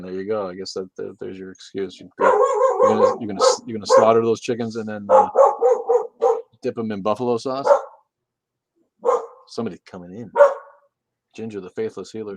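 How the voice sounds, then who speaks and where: A man co-hosting a casual livestream, reading out chat comments with loose, profane jokes. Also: fairly low pitch.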